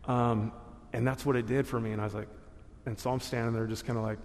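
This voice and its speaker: A man's voice: medium pitch, little pitch movement, fast talker, darkish tone, a little hiss or hum. A man giving a church testimony in a loose, casual storytelling way, full of slang and laughing at himself. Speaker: guest speaker sharing testimony. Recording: long hall reverb.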